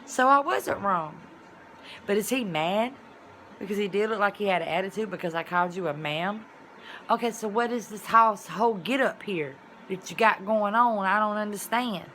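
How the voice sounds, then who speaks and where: Woman vlogger, bright and forceful, animated casual storyteller. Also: mid-range voice, moderate pace, slight background noise. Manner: animated, colloquial storytelling with sudden loud exclamations.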